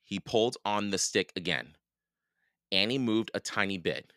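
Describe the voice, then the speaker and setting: A man reading a children's book aloud for a podcast, slow and expressive. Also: fairly low pitch, smooth, dry recording, clean studio sound. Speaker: podcast read-aloud host.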